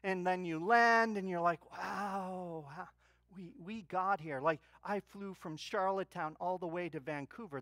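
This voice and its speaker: Pastor, sermon, animated, joking stories, bright tone, dry sound. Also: medium pitch, dry recording. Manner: animated storytelling with humor. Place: church.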